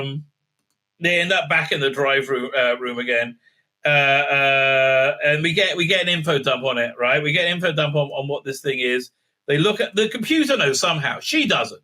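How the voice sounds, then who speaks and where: A man's voice: a little high, bright, forceful tone. A man giving a casual, mocking review commentary, full of filler words and restarts. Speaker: TV show reviewer.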